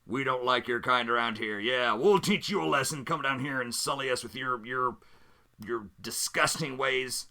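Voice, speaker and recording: A man's voice: mid-range voice, moderate pace, creaky, sharp tone. A man voicing a hostile, bigoted male thug leader in a solo tabletop game, with sneering threats. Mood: threatening.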